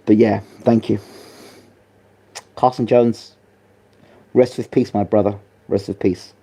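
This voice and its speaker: Man, grieving, soft halting tribute, gravelly fry, dark mellow tone. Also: on the low side, fairly even intonation. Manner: halting, soft and subdued, many pauses and fillers. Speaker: boxing channel host. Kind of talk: personal spoken tribute.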